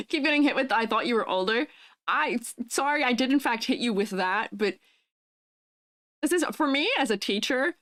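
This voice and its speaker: A young adult woman VTuber streamer with a high, youthful-sounding voice, chatting with viewers in a bubbly, giggly way. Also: a bit bright, dry recording, clean studio sound. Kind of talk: casual live-stream chat.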